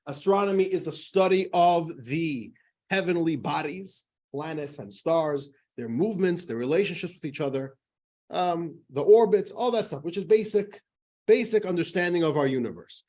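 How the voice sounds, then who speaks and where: A man's voice: on the high side, darkish tone. A man teaching a class as a rabbi, in a chatty, joking style full of fillers. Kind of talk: casual classroom lecture.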